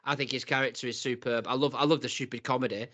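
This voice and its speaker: A young man co-hosting a casual wrestling review, animated and often laughing as he retells scenes. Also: mid-range voice, quick pace. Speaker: wrestling podcast co-host.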